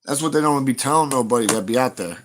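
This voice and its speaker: A man talks straight to his livestream viewers. He rambles from story to story, blunt, profane and unbothered, in a voice sitting in a middle pitch. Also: expressive, fast talker, slight background noise. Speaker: livestream host. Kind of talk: casual livestream chat to viewers.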